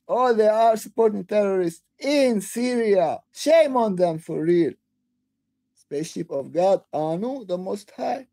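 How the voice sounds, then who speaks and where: Angry woman ranting with halting restarts. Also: mid-range voice, animated, no echo. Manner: impassioned, shouting at times, halting with restarts. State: upset, near tears. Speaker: online channel host. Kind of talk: angry political rant to camera.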